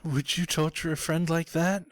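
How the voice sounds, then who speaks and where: A man's voice: on the high side, little pitch movement, moderate pace, faint music behind, pitched above the performer's own voice, natural voice. A man voicing a frightened, unhinged young man who stammers and pleads, in a creepypasta reading. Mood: pleading. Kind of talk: creepypasta narration.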